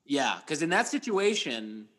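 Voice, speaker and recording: Animated, swearing middle-aged man. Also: on the high side, unhurried. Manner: animated storyteller, swearing, acts out his outbursts. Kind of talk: casual chat.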